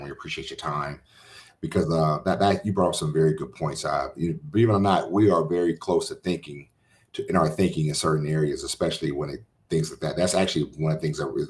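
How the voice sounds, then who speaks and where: A man hosting as a pastor in a casual interview, sincere and halting with many restarts. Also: a bass voice, darkish tone. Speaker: pastor and podcast host.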